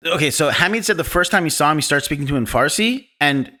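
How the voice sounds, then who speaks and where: Podcast host, male, bright tone, animated and opinionated storyteller. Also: a little high, fast talker. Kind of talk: casual film discussion.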